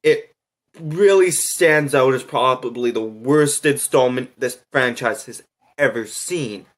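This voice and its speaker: A man's voice: mid-range voice, slow. A man reacting to and reviewing a movie, ranting in an exasperated way with constant swearing.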